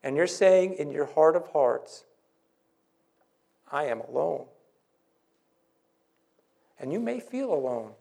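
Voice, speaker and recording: Pastor guy preaching in church, earnest, pauses a lot, voice a bit high. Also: expressive, vocal fry, dark tone. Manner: earnest preaching with dramatic pauses and quoted scripture. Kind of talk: sermon.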